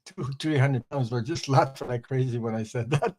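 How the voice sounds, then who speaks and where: The recording is rough, and the older man on it, from French Canada, has a slightly mellow mid-range voice at normal speed. He's a guest sharing comic stories in a loose, rambling way, chuckling at them himself.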